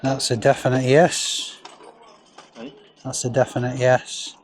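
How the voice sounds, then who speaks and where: A man's voice: mid-range voice, completely flat delivery, slow pace. A man with a Northern English accent, chatting and joking with sellers as he vlogs his way round an outdoor car boot sale. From North West England. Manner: chatty, jokey, bantering with sellers. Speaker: reseller vlogger. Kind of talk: casual vlog chat.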